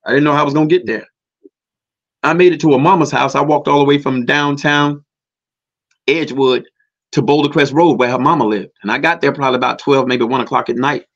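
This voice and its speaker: A man's voice: medium pitch, fairly even intonation, brisk, fairly bright tone, muffled recording. A man giving an earnest, emphatic conversational testimony.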